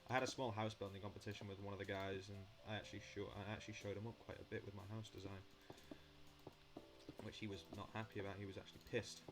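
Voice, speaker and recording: A man's voice: fairly low pitch, level tone, fast. A young man rambling in a casual monologue while building in a game, blunt and chatty, swearing now and then. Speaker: Minecraft builder vlogging.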